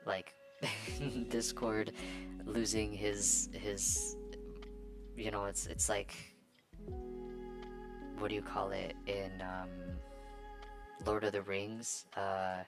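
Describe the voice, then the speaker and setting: A young adult fan talks casually while drawing, in a very low and gravelly voice, pausing and restarting often. Clear music plays behind the voice throughout. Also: flat delivery. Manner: hesitant, many fillers and restarts. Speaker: fan commentator.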